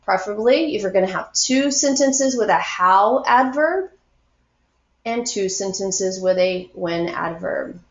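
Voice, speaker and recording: A woman teacher giving a recorded grammar lesson to young students, explaining slowly and patiently, with encouragement. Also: medium pitch, lively intonation, roomy sound, muffled recording.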